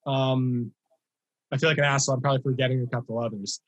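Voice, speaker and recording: A young man hosting a casual podcast chat, talking in an animated, rambling way full of fillers. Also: medium pitch, quick pace, low-quality recording. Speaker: podcast host and music reaction creator.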